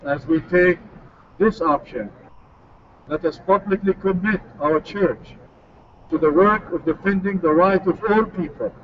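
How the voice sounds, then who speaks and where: A man's voice: high voice, measured pace. Solemn man reading a statement. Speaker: church advocate reading a statement. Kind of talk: formal prepared statement. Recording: distant dull recording with faint noise.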